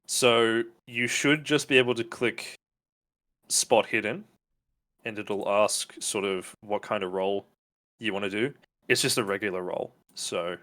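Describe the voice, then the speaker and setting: A man's voice: on the low side, unhurried, sharp tone. A man narrates a tabletop game as game master. He talks casually, with hesitations and fillers.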